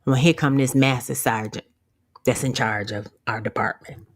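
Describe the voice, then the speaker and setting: A woman's voice: very deep voice, fairly even intonation, moderate pace. A middle-aged woman vlogging candidly about empowerment, sassy and profane, laughing often.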